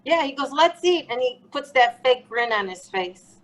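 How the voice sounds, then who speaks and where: A woman telling her own story in an interview, blunt and animated, swearing freely as she acts out what was said. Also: a little high, normal speed, low-quality recording. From Chicago. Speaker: guest.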